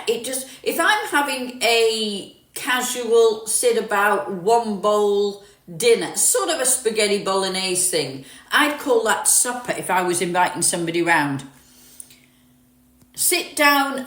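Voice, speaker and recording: A woman's voice: mid-range voice, a bit bright, roomy sound, far from the mic. A middle-aged woman from London with a southern English accent, partly mixed with northern, chatting casually on a livestream, reading out and answering viewer comments. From London, England. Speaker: livestream host. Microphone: phone.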